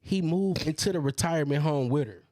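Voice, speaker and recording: A man's voice: fairly high pitch, brisk, no echo. A man tells a story on a casual podcast and jumps into raised voices to act out what people said. His voice sounds dry and close, with little room around it. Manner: animated storyteller, acts out quotes in a raised voice. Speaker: podcast co-host. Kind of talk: casual chat.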